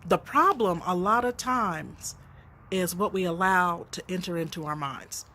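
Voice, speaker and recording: Bright-voiced woman giving earnest life advice. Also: on the low side, unhurried. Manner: earnest, preacherly, tells stories with quoted dialogue. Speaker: author and counselor. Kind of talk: unscripted motivational talk.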